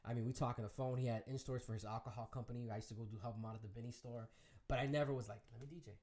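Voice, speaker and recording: A man with a Chicago accent talks quickly through a long anecdote, the words tumbling out. He keeps a middle pitch and slips into the voices of the people he quotes. The talk is a relaxed interview. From Chicago area. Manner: animated storyteller, acts out quoted voices. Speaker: guest DJ. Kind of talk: casual interview storytelling.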